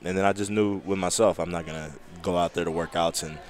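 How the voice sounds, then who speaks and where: A young man, a college football player guesting on a podcast. His voice sits very low and he talks fast. He speaks in a relaxed drawl, full of "like" and "I mean". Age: young adult. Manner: laid-back, drawling, lots of fillers. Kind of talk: casual interview chat.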